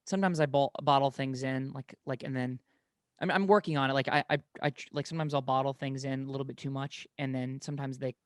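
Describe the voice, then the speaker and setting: A man's voice: mid-range voice, fairly even intonation, fast talker, dry recording, clean studio sound. A young man telling rambling personal stories in casual conversation, often correcting himself mid-sentence. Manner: rambling storyteller, many self-corrections.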